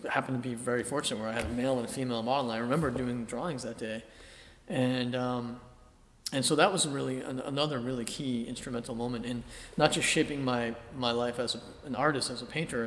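A middle-aged man from Boston recalls his past in a relaxed, storytelling way, full of "you know" and acted-out inner thoughts. His mid-pitched voice rings through a large, roomy space with a long reverb tail. Faint ambient noise sits under it. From Boston, Massachusetts, USA. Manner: animated anecdotes with acted-out inner thoughts, many fillers. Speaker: artist being interviewed. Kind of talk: casual storytelling interview.

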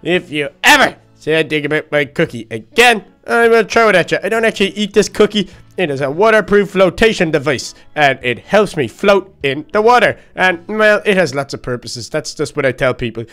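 Cheeky boy duckling, played by a man, high and smooth, excitable rambler for game role-play. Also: fairly quick, faint music behind. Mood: rambling. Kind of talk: Minecraft role-play voice acting.

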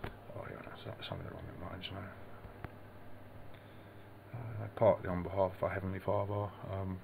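A deep-voiced man from the United Kingdom rambles through a casual vlog, swearing often and dropping into muttered asides. His voice is gravelly, and faint noise sits under the recording. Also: flat delivery, normal speed, darkish tone.

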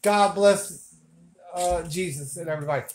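A man in his forties filming at home, laughing hard, swearing and talking loudly in casual chat. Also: high-pitched, normal speed. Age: 40s.

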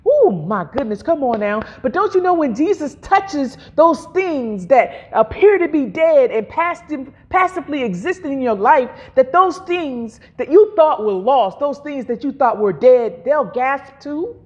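A woman's voice: high voice, animated, highs cut off. A woman preacher delivering an emphatic sermon, drawing out her phrases, gasping for effect and calling on the congregation to repeat after her. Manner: emphatic, drawn-out phrasing with audible gasps.

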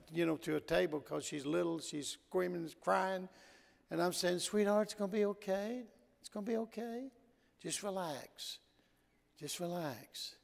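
A man preaching a sermon in a church, telling stories and swinging between loud emphasis and quiet asides. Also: on the high side, vocal fry. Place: church sanctuary. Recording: long church hall reverb.

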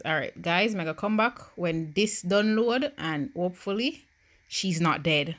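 A young woman from Jamaica with a Jamaican accent, giving casual commentary while playing a life-simulation game, swinging from hushed worry to loud excitement. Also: on the low side, unhurried. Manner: animated, swings from quiet worry to loud joy. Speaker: gaming YouTuber. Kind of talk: Sims let's-play commentary.

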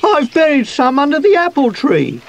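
A squeaky, fretful little puppy from a storybook. The voice sits very high and jumps around widely in pitch. Faint outdoor sounds can be heard behind it. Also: male voice, huge pitch swings, slow, a little hiss or hum, full character voice. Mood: worried. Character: squeaky anxious puppy puppet, boy.

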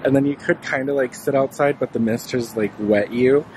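A man's voice: mid-range voice, normal speed, a little mellow, a little hiss or hum. A man chatting casually to a handheld camera for his vlog, giggling often as he talks. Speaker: vlogger.

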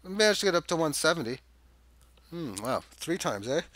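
A man's voice: fairly high pitch, sing-song, brisk, fairly bright tone, dry recording. A man giving a rambling, casual chart walkthrough, thinking aloud with fillers and restarts. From Canada. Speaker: crypto chart analyst.

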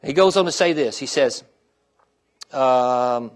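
A middle-aged male pastor preaching a sermon, checking in with the congregation with "okay?" and "amen?" and dropping to a quiet, heartfelt tone when he talks about his own trials. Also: mid-range voice, slow.

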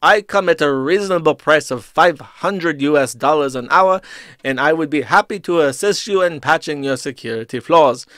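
A man's voice: a little high, moderate pace, fairly bright tone, no room sound, clean studio sound, lightly acted. A man voicing a fawning male scam emailer with an exaggerated, put-on Indian accent, overly polite and singsong. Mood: mock polite.

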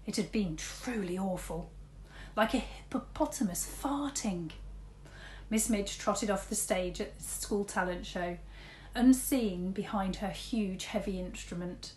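A woman teacher reading a storybook aloud, lively, switching between big shouts and soft whispers for the characters. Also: medium pitch, measured pace, roomy sound, a little hiss or hum.

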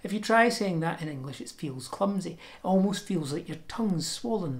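Lowish woman teaching pronunciation. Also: expressive. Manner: demonstrates sounds slowly and deliberately. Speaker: language teacher. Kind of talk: pronunciation lesson.

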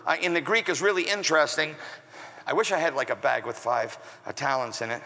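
A man preaching from the pulpit in a bright, forceful voice pitched a touch high. He acts out the scripture with sudden shouts. The sound rings with the long reverb of a big church hall. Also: a little fast. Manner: animated preaching, acting out the servant with raised shouts. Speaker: pastor. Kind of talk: sermon.

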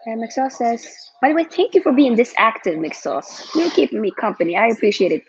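A young woman hosting a live football watchalong from home, excitable and reading out viewer chat. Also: on the high side, a little fast, husky. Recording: dull lo-fi dry mic.

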